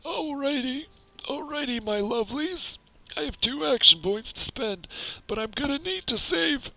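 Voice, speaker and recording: A man's voice: extremely high pitch, animated, normal speed, vocal fry, bright, forceful tone, lo-fi sound. A man giving chatty, self-deprecating commentary while streaming a game.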